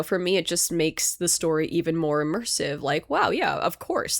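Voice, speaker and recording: A woman's voice: deep voice, no room sound, studio quality. A woman hosting an anime reaction and discussion, tearful and talking in a casual way. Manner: tearful and emotional, sighing, then thoughtful. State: crying.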